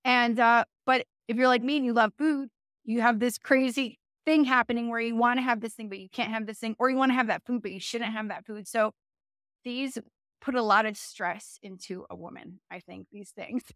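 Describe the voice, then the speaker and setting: A woman's voice: a little high, normal speed, a bit bright, no echo, clean studio sound. A woman speaking as an interview guest, telling her story in a casual, chatty way, full of fillers and self-corrections and often laughing.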